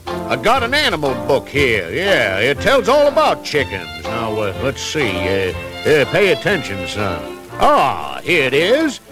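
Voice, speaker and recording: An actor voicing a boastful, sly adult male rooster in a classic cartoon, with a booming drawl and stammered repeats. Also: wildly swooping pitch, unhurried, music in the background. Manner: sly and teasing.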